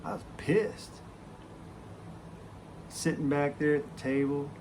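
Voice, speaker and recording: A man telling a story from his working life in a casual, animated way, full of swearing. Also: fairly high pitch, slow pace, a little hiss or hum. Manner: profane, animated raconteur.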